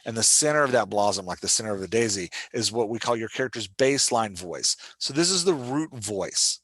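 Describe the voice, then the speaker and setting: A man's voice: fairly low pitch, lively intonation, brisk, a bit bright, no echo. A man from Louisiana with a leftover Southern accent, hosting a solo podcast that teaches writing, self-deprecating and often checking in with "right?". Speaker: podcast host.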